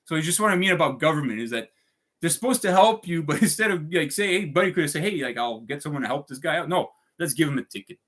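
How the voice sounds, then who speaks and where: A man vents straight to his audience, his voice sitting a little high. He swears freely, circles back over the same points and calls out to the folks watching as his anger builds. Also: expressive, quick pace, fairly bright tone. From Canada. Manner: swearing, heated, repeats himself, addresses folks. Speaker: vlogger. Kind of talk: angry ranting monologue.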